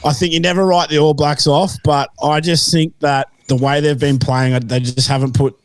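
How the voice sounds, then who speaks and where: A man on a sports podcast panel giving his opinion slowly and hesitantly, with many pauses and ums. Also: on the high side, level tone, dry recording. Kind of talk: casual sports chat.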